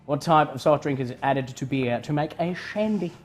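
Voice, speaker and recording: Aussie bloke hosting a pub quiz stream, laughs a lot, mid-high voice, music in the background. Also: male voice, moderate pace. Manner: jokey, reads questions aloud, laughs often. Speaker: quiz host. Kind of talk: live-streamed trivia quiz. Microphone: studio microphone.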